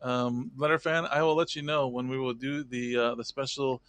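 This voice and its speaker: A man's voice: medium pitch, steady tone, normal speed, fairly bright tone, clear, resonant tone, dry recording. A man hosting a casual live stream, rambling and chatty, greeting viewers by name.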